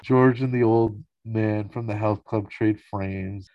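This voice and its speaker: A man co-hosting a podcast, casually recapping a sitcom episode with animated, profane retellings. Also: on the low side, slow, muffled recording, noisy background. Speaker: podcast co-host.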